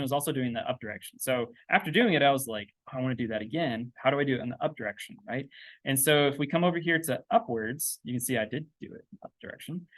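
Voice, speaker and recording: A man walks through a texturing demo in a loose, chatty way, full of ums and quick asides. His voice sits at an ordinary middle pitch. The sound is dry and close, with no room around it. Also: fairly bright tone, dry recording. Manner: loose and chatty, thinking aloud with many fillers and "right?". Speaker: 3D texturing instructor. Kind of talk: casual software tutorial. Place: indoors at a laptop.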